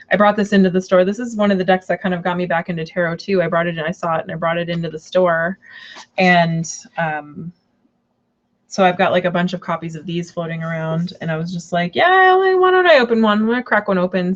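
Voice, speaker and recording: Casting: rambling, chatty woman, low voice, muffled lo-fi live-stream sound. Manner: rambling, chatty, many fillers and restarts. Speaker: tarot reader and shop owner. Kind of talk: casual live-stream chat.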